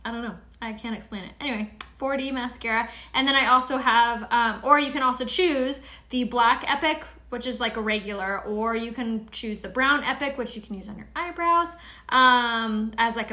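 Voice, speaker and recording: Bright-voiced chatty woman from San Diego. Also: a little high. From San Diego, California. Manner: chatty, rambling, quick asides to viewers. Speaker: beauty product seller and live-streamer. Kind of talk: casual live-streamed makeup tutorial.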